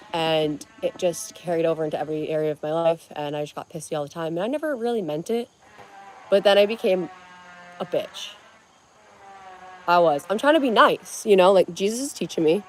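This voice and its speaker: A woman's voice: lowish voice, darkish tone. Young adult woman, live streamer, fresh out of bed, casual and rambling. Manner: chatty and rambling, many "like"s and restarts. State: just woke up, dry-lipped.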